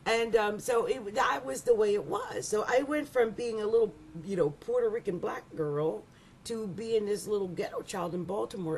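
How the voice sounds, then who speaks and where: A middle-aged woman giving a rambling, animated astrology reading, laughing often and restarting her sentences. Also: lowish voice, slight background noise. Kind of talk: casual monthly astrology reading.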